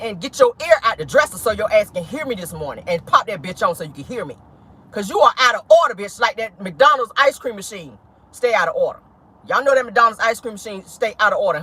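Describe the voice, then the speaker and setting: Sassy, lively gossip vlogger in a car. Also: mid-range voice, husky. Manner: animated and sassy, full of exclamations and crude slang. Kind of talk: casual celebrity gossip talk. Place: inside a car.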